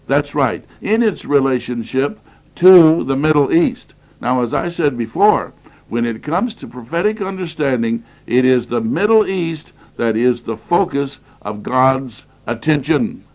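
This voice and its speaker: A man's voice: mid-range voice, expressive, a little slow. Earnest man lecturing on prophecy, cassette sound. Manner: earnest, emphatic, repeats phrases for stress. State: recovering from flu, occasional coughing. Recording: dull lo-fi cassette tape.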